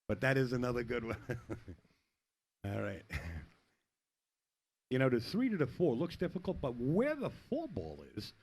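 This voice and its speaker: A middle-aged man covers a pool match in a loose, talkative style, slipping in jokes between shots. His mid-range voice is a little mellow, and the recording carries slight hiss or hum.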